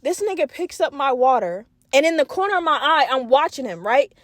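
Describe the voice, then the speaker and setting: Woman podcast host, young, high-pitched, dry booth sound; brash, profane storyteller who addresses the audience. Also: brisk, no echo. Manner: profane, animated, talks straight to listeners. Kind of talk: casual storytelling. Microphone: podcast mic.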